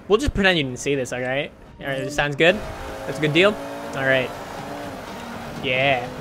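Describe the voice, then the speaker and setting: A man commenting on his racing game play in a chatty, self-mocking way, with sudden excited outbursts. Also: medium pitch, normal speed, over music. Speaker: gaming channel host.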